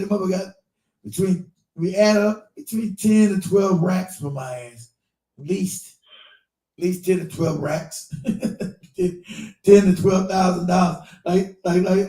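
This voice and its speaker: A man's voice: high voice, steady tone, moderate pace, mellow, reverberant, recorded from a distance, rough recording. A man hosting a casual chat, retelling a story with lots of swearing, laughter and quoted voices. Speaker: show host.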